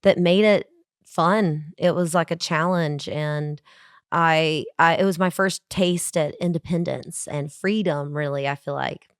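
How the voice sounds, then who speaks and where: A woman from Georgia, a country singer telling stories as a guest in a casual podcast interview, chatty and animated, with lots of fillers. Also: sits low, a little slow, clear, resonant tone, no echo, clean studio sound. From Georgia, USA. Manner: chatty, animated anecdotes with acted quotes and fillers. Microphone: remote call from Nashville.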